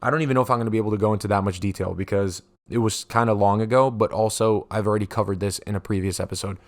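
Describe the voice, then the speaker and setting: A young man hosting a podcast, telling a profane, animated story alone and acting out the voices of the people in it. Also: on the low side, racing. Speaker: podcast host. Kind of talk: casual solo storytelling. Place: podcast studio.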